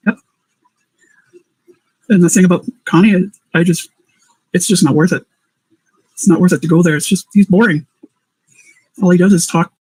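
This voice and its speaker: A man with a high, husky voice chats casually on a stream panel. He makes short, dismissive remarks. The sound is dry. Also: steady tone, moderate pace, pauses often, a little mellow, no echo, poor audio. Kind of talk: casual chat.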